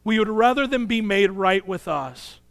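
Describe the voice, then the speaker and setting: A man in his thirties, a pastor preaching a sermon in an earnest way, dropping soft and low on key phrases. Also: expressive, normal speed, vocal fry, no echo.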